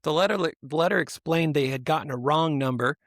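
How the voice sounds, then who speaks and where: A man's voice: on the high side, fairly quick, fairly bright tone, dry recording, studio quality. A man hosting a casual podcast, reading news stories aloud in a rambling, self-interrupting way. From United States. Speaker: podcast host.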